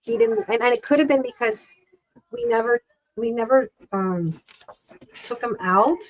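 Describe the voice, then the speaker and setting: A woman's voice: a little high, wildly swooping pitch, a little slow, vocal fry, dull audio. A woman hosting a casual craft livestream, chatting and rambling as she works, often breaking off mid-sentence. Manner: chatty, rambling, self-interrupting.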